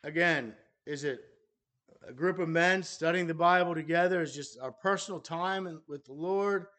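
Halting, measured male preacher. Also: a little high, fairly bright tone. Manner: measured, halting delivery with restarts and pauses. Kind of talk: sermon.

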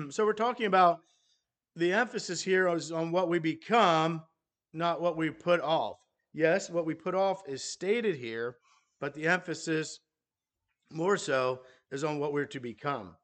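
A male preacher delivers a sermon at a slow, considered pace, often pausing mid-phrase and starting over. His voice sits a little higher than most men's. He speaks plainly to the men in his congregation. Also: fairly bright tone. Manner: measured, halting delivery with restarts and pauses.

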